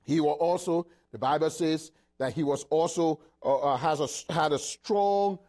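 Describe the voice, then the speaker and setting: A man preaching a sermon in an emphatic, halting way, with many repeated words and restarts. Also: on the high side, darkish tone.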